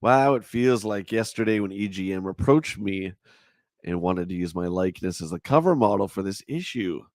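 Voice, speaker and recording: A middle-aged man with a nasal voice, hosting a casual morning livestream chat in a relaxed, chatty way. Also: sits low, normal speed, no room sound, clean studio sound. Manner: relaxed, chatty, laughs easily. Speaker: livestream host.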